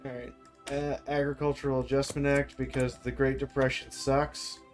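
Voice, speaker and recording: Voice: medium pitch, little pitch movement, normal speed, faint music behind. Playful streamer hosting a strategy game. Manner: playful, jokey, bursts into laughter. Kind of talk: casual multiplayer strategy game chat.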